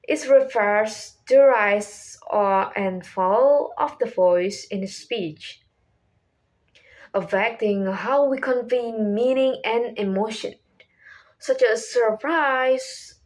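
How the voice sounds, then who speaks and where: A young woman, a student, explaining a class topic slowly and carefully, with learner's phrasing and self-corrections. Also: on the high side, darkish tone, low-quality recording. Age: young adult. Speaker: student presenter.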